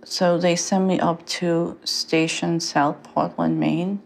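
A young woman telling her own story in a halting way, full of fillers and restarts. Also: lowish voice, level tone, vocal fry, faint music behind. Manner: halting, many fillers and restarts, quotes others. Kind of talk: personal testimony.

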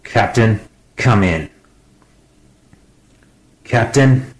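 A man's voice: lowish voice, animated, extremely slow, voice pushed up, rough recording. A man voicing an irritable, exasperated spaceship crewman in an audiobook. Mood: shouting. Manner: exasperated, shouty. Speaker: character in an audiobook. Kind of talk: audiobook character voice.

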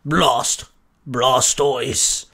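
A man voicing a big turtle creature that grunts its own name in gruff cries. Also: medium pitch, fairly even intonation, extremely slow, sharp tone, heavily acted.

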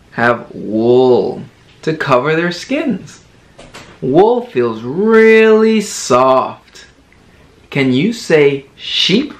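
Slow and patient, a young man addresses toddlers, stretching out every word. Like a friendly early-learning teacher, he models each new word in an exaggerated sing-song, his pitch leaping up and down.

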